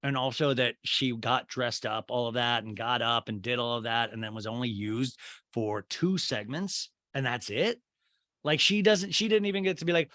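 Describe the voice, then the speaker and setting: A man's voice: mid-range voice, moderate pace, sharp tone, no room sound, clean studio sound. A man hosting a comedy podcast, rambling through a crude, joking recap monologue. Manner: rambling, crude, swings into silly voices. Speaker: podcast host.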